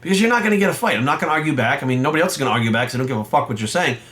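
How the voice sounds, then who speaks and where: A man's voice: medium pitch, animated, rapid-fire, a bit bright. A man who coaches and judges bodybuilding, delivering a heated, profane, confrontational rant to his viewers. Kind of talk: profane ranting vlog monologue.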